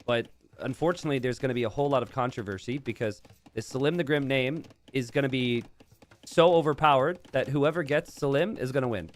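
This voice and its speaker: A man's voice: medium pitch, brisk. A young man casting a strategy game match, chatty and laughing easily. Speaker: esports caster. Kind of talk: game commentary.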